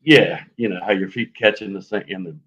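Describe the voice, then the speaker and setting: A man telling a story on a live show in a lively, animated way, acting out sounds as he goes. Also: low-pitched, a little fast, breathy edge, dull audio. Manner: animated, lively retelling with fillers and sound effects. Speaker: guest telling an encounter story.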